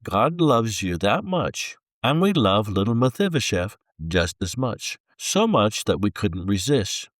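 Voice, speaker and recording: A man reading the quoted words of a gentle adoptive mother who shares her faith, in his own voice. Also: on the low side, very animated, no room sound, clean studio sound. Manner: gentle, warm, slow when emphasising.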